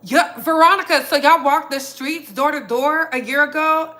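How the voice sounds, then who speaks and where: A woman with a Southern US accent hosting a casual commentary show, talking to her audience in an animated, opinionated, slangy way. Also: high-pitched, moderate pace. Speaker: show host.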